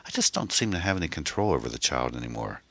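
A man's voice: extremely low pitch, very animated, fast talker, fairly bright tone, breathy edge, no echo, heavily acted. A man voicing a frightened, anxious middle-aged divorced mother in an audiobook, with a pleading manner. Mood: weary. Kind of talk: audiobook character voice.

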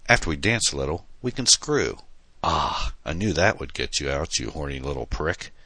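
A man voicing a drunk, hysterical young woman who shouts and slurs profane rants. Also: a bass voice, expressive, unhurried, no echo, full character voice. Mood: drunken raving. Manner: slurred, shouting, profane ranting.

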